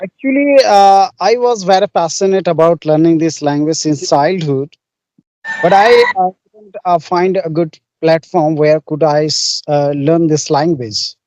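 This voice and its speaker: A man interviewing someone, polite and halting as he searches for words, heard over a remote call. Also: a little high, a little mellow, a little hiss or hum. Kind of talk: casual interview. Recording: dull dry lo-fi audio.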